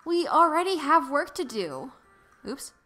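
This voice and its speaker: A woman's voice: high-pitched, big pitch swings, measured pace, sharp tone, soft background music, voice pushed up, exaggerated voice. A woman reading the lines of a bored, whiny teenage schoolgirl from a visual novel.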